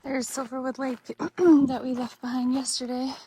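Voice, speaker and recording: A woman's voice: high voice, little pitch movement, moderate pace, dark tone, husky. A woman vlogging on a desert mountain trail, chatty and exclaiming often at the views while she walks with a handheld camera. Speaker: thru-hiker vlogger. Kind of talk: casual trail vlog narration.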